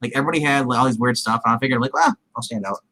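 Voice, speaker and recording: A man's voice: medium pitch, very fast, sharp tone, no echo, poor audio. A man chatting casually with friends on a stream, wry and sarcastic at times. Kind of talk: casual chat.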